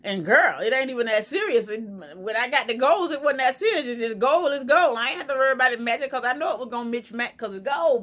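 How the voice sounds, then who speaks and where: A woman's voice: on the high side, expressive, quick pace, hardly any pauses, a bit bright. A woman from Florida, chatting anxiously and emotionally to her viewers in a casual home vlog. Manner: anxious, emotional, talks to viewers as girl and y'all. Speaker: vlogger. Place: home kitchen.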